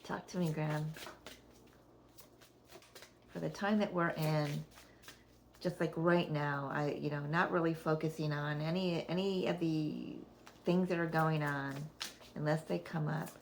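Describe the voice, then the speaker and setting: A woman's voice: low-pitched, fairly even intonation, measured pace, long pauses, slight background noise. A middle-aged woman giving a casual spiritual card reading, rambling and thinking aloud, often breaking into laughter. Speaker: oracle card reader.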